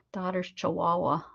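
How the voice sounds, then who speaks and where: A woman's voice: lowish voice, vocal fry, fairly bright tone, slightly rough, highs cut off. A woman hosting a casual crafting livestream, chatting and talking baby-talk to her cat as she works. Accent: American. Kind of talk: casual chat while crafting.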